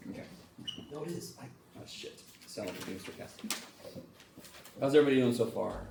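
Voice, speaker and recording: A man's voice: medium pitch, a little fast, creaky, long pauses, recorded from a distance. Male math lecturer, loose and jokey with salty language, recorded from across an echoey classroom with faint room hum. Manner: casual, joking, swears freely, animated.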